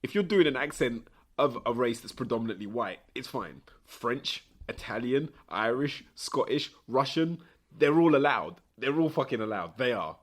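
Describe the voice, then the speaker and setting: A man's voice: medium pitch, expressive, normal speed. A man co-hosting a podcast, blunt and sweary, laughing often. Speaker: podcast co-host. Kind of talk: casual chat.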